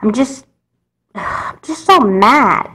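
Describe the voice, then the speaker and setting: A woman's voice: fairly low pitch, normal speed, natural voice. Woman voicing an angry teenage girl. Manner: sulky, raising her voice in anger. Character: teenage girl, upset and angry over twin. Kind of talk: doll movie voice acting.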